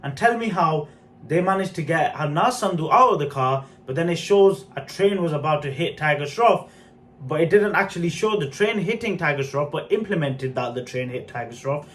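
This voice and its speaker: A man with a slightly higher voice delivers an unscripted film review, blunt and animated. He speaks straight to his viewers in a casual, chatty way. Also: moderate pace. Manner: frank, animated, addresses viewers as guys. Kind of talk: casual spoken movie review.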